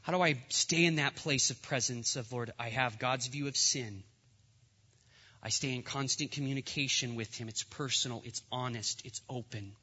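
A man's voice: medium pitch, moderate pace, pushed and bright, husky. A young man preaching a sermon as pastor, earnest and rising to emphatic peaks. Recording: dull sound with long hall reverb.

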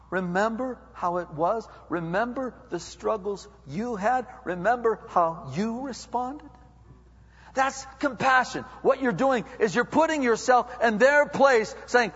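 A male pastor delivers a sermon, asking question after question and climbing in intensity. His voice sits a little high for a man. The sound is dull and lo-fi, with a long reverb trailing through the hall. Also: expressive, a little slow, a bit bright, husky. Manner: preaching with rising intensity and rhetorical questions.

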